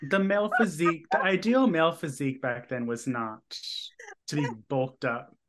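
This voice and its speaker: A man's voice: on the high side, normal speed, fairly bright tone. Reflective male podcast co-host. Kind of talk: casual chat.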